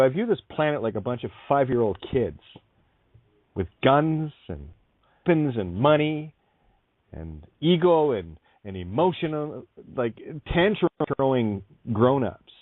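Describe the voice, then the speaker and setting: A medium-pitched man hosts an internet radio show, cursing bluntly and emphatically while laughing and starting over mid-thought. There's no echo; the sound is dry and tinny like a phone line.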